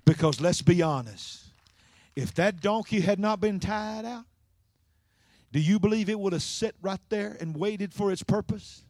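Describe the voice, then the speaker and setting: A man preaching a sermon in call-and-response style, swinging from loud to hushed. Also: high voice, measured pace, no echo, clean studio sound.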